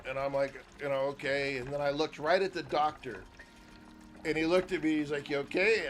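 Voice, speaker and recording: A middle-aged man streaming a game, telling a crude story in a loose, profane, excitable way. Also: fairly high pitch, slight background noise. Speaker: gaming streamer. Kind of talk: casual chat while gaming.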